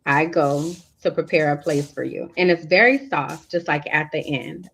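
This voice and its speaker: A woman's voice: sits low, normal speed, creaky, hardly any pauses, fairly bright tone, breathy edge. A woman from New Orleans sharing a heartfelt faith talk with her listeners in an earnest, confiding way. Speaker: host of a faith livestream. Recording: lo-fi replayed livestream audio.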